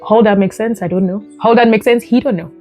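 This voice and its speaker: A woman hosting her own podcast, telling a personal story in an animated, emphatic way, often breaking into laughter. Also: mid-range voice, fast, soft background music. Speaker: podcast host.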